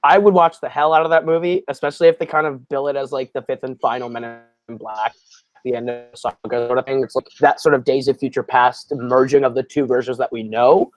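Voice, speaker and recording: A man guests on a casual movie review, easygoing and slow on his fillers. His voice sits dry and close, with no room sound around it. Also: mid-range voice, fairly even intonation, no room sound. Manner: easygoing, drawn-out filler words.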